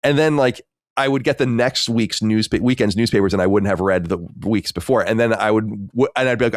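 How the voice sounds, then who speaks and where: A man's voice: fairly low pitch, fast, no room sound, studio quality. A man in his thirties co-hosting a podcast, chatting casually and telling rambling stories with some swearing. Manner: animated, swearing, rambling storyteller. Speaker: podcast co-host.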